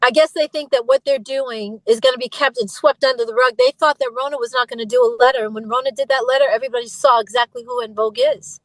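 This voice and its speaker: A woman in her fifties talks frankly as an interview guest, emphatic and aggrieved. Her voice sits high. The recording is dry, with no room sound. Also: fairly even intonation, fast talker, few pauses, no room sound, poor audio. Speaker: interview guest, former group singer. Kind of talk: candid interview.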